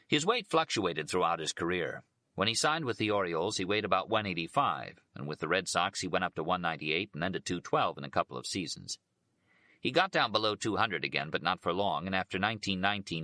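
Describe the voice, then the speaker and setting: Deep-voiced man reading an audiobook. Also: animated, fairly quick, bright, forceful tone, no echo. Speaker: audiobook narrator.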